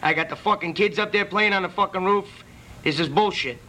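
A man's voice: high-pitched, fairly quick, sharp tone, slight background noise. A man voicing a brash, foul-mouthed homeowner with an Italian-American New York accent, ranting profanely on a prank phone call. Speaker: prank caller.

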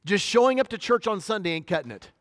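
A man's voice: sits high, big pitch swings, fast, fairly bright tone, no echo, clean studio sound, in a large hall. A middle-aged man preaching a sermon as a pastor, switching between conversational storytelling and emphatic points.

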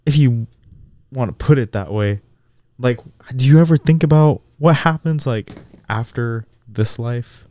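Podcast co-host, man, dark mellow voice, dry close mic, thoughtful and easygoing. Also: mid-range voice, a little slow, no room sound. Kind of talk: casual podcast chat.

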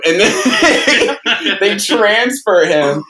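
Slow, bright-voiced storyteller. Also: mid-range voice, big pitch swings, echoey room. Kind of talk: casual chat with friends.

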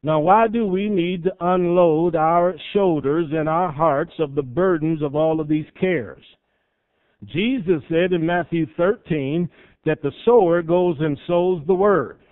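A man's voice: on the high side, unhurried, clear, resonant tone, no room sound. A man preaching a sermon as pastor, building emphasis through stories and scripture. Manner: preaching with rising emphasis and illustrations. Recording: tinny phone-like radio broadcast.

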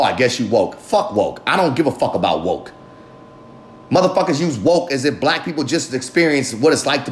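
A man hosting his own podcast, talking in a profane, rambling casual monologue that swings between loud bursts and low mutters. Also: roomy sound. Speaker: podcast host.

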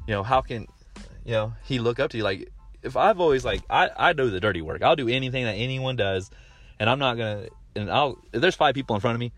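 A man's voice: fairly low pitch, fairly bright tone. A man in his thirties hosting a casual monologue, rambling with lots of fillers and restarts, blunt and swearing freely. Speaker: podcast host.

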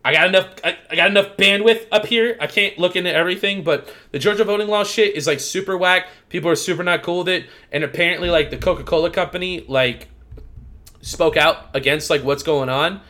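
A man's voice: high voice, brisk, sharp tone. Profane young man rambling on a podcast. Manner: rambling, profane, heavy use of "like". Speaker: podcast co-host. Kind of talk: casual podcast chat.

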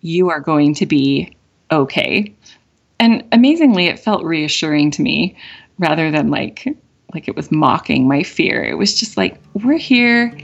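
A middle-aged woman hosting a podcast, telling a dream story in a soft, reflective way, with many "like" fillers and light laughs. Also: low voice, very animated, measured pace, vocal fry, husky. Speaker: podcast host. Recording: dull lo-fi audio with faint guitar.

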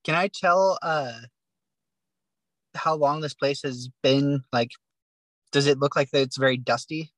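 A man's voice: medium pitch, unhurried, long pauses, fairly bright tone, no room sound, rough recording. Man, player, polite thoughtful tone, dry mic. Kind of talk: casual tabletop play.

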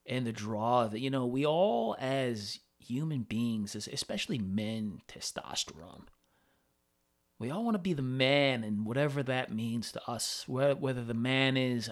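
A podcast host with a medium-pitched, animated voice and an unhurried pace delivers a rambling, casual monologue. He swears a lot and keeps restarting his sentences.

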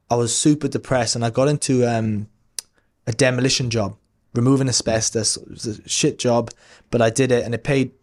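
Guy in his 30s rambling thru a personal story on a podcast, earnest, keeps restarting, swears a bit, mid pitch. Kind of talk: casual storytelling.

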